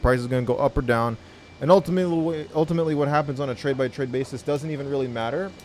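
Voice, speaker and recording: A man's voice: medium pitch, a little hiss or hum. A man giving a casual trading tutorial in a blunt, laid-back manner, swearing freely. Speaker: trading educator.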